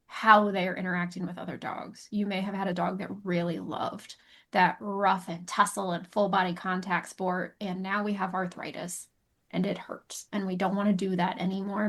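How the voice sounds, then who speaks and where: A woman's voice: medium pitch, fairly bright tone. Woman explaining with playful analogies. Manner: storytelling, uses analogies. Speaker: podcast co-host, dog trainer. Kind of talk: casual podcast chat.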